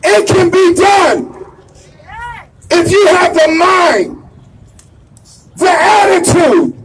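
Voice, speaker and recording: A man with a strikingly high voice preaches slowly and loudly to a crowd at an outdoor street vigil. He builds his points with rhetorical questions and repetition. A loud crowd and street noise fill the recording. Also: animated. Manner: call-and-response chanting, rhetorical and rousing. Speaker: prayer leader at a vigil.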